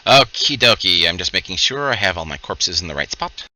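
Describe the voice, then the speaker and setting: A man's voice: low voice, lively intonation, brisk, sharp tone, no room sound, poor audio. A man running a tabletop game, explaining the map and rules step by step. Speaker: game master.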